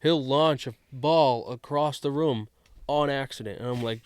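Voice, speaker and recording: An easygoing man in his thirties with a New England accent chats on a podcast, often laughing. His pitch sits in the middle, and the recording is dry and close to the mic. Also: measured pace, clear, resonant tone, no echo. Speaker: podcast guest, basketball coach, dad. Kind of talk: casual chat.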